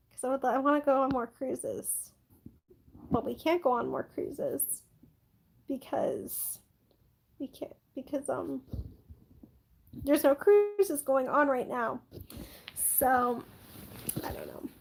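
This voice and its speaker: Bubbly high-voiced woman live streamer. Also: gravelly, a little hiss or hum, poor audio. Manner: chatty, bubbly, many "like" fillers, yawning. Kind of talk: casual live stream chat reading comments.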